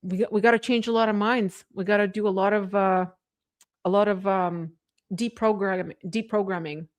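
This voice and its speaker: A woman's voice: medium pitch, fairly even intonation, moderate pace. A woman hosting a casual political livestream, reading viewer comments and chatting with a sarcastic edge, laughing often. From Canada. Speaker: livestream host reading chat.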